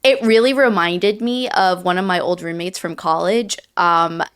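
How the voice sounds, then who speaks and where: A woman's voice: on the low side, fairly even intonation, moderate pace, clean tone. A woman co-hosting a podcast, chatting casually and critically about a novel with lots of fillers. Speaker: podcast co-host. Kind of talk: casual book review chat.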